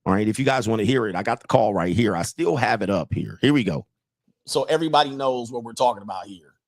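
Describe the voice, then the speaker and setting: A man's voice: fairly low pitch, quick pace, gravelly, no echo. Rambling male host, dry close sound. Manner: rambling, repeats "all right", excitable asides. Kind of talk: casual comedic commentary.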